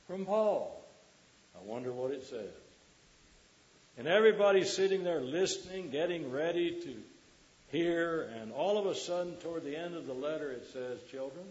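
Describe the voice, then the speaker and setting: A man's voice: medium pitch, darkish tone, muffled recording. A man preaching a sermon to a congregation, quoting scripture and putting questions to the listeners.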